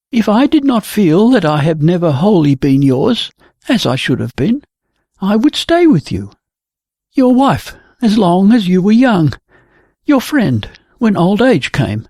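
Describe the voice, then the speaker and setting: A reader voicing a young woman artist who speaks quietly, firmly and reflectively. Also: mid-range voice, no echo, clean studio sound.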